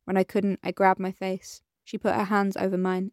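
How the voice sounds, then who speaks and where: A woman narrating a first-person audiobook story in a measured, quiet way. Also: medium pitch, flat delivery, no echo, clean studio sound.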